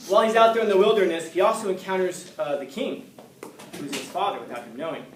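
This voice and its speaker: Recorded from far off by a room mic in an echoey classroom with noisy background, a male teacher with a high voice talks fast. In a relaxed lecture he narrates a story, performs its characters, and trades jokes with his class.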